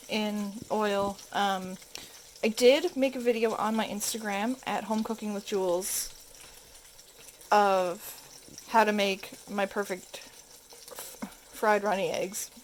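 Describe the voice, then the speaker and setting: A woman's voice: medium pitch, steady tone, slow, a little hiss or hum, poor audio. Casual home-cook woman, rambling and self-mocking, handheld camera in a home kitchen, faint sizzle behind. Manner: chatty, self-deprecating, rambling asides. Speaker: home cooking vlogger. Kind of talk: casual cooking vlog narration.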